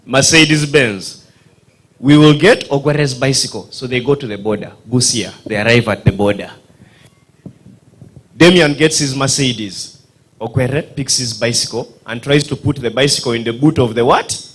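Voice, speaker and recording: A man's voice: medium pitch, moderate pace, a bit bright. A man with a Ugandan accent, doing stand-up comedy storytelling at a dinner event, acting out voices and sound effects and quizzing the audience. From northern Uganda.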